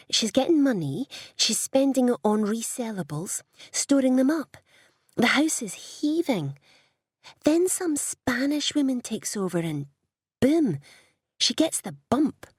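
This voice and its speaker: A woman voicing an indignant, dramatic teenage girl, pitched above her narrating voice. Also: big pitch swings, slow pace, slightly rough, no echo, clean studio sound, heavily acted. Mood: gossipy.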